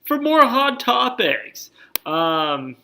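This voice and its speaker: Bright-voiced chatty man. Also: extremely high pitch, very animated, very slow, creaky. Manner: chatty, joking, reads news aloud with asides. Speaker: vlog host. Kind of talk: casual celebrity gossip chat.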